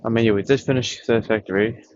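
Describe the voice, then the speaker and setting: A man talking casually about video games while catching his breath, rambling and thinking aloud with pauses. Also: mid-range voice, fairly even intonation, a little mellow, lo-fi sound. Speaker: vlogger.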